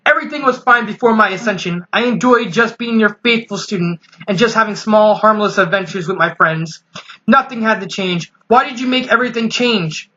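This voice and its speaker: Bitter young pony mare impostor, ranting and accusing, read by a man, high voice, a little muffled. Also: a little fast, sharp tone. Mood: resentful.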